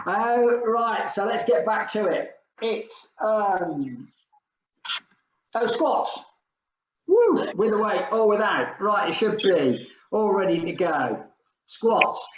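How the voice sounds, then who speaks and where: A man's voice: sits high, animated, slow pace, reverberant, muffled recording, slight background noise. An older man leading an exercise class, chatting and joking between rounds while he counts down the reps. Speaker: fitness instructor.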